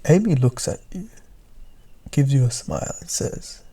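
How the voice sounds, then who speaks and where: A young man casually narrating a second-person storytime, often dropping into hushed, half-whispered asides. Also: mid-range voice, lively intonation, measured pace, long pauses, husky.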